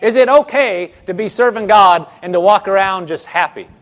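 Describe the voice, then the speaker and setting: A man preaching a sermon as a pastor, talking to the congregation in a lively, conversational way with quick restarts. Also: sits high. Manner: acts out quoted people in his own voice.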